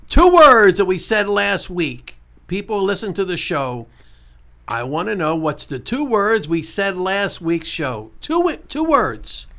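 Animated high-voiced male talk show host. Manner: lively, repeats key points, slows down to spell out numbers. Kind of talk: casual radio talk show.

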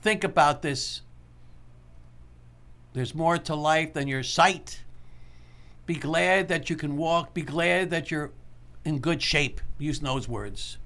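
A man hosting a call-in radio talk show, talking in an earnest, motivational way and repeating key points slowly. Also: on the high side, pushed and bright.

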